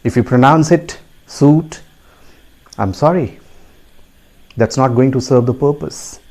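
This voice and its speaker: A man teaches word pronunciation in a slow, measured way. His voice is mellow and unhurried, and he repeats each word and checks in with his listeners. He speaks at an ordinary middle pitch. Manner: slow, deliberate, repeats words and asks learners to repeat; frequent rising tag questions to the audience. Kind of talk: classroom lesson to camera.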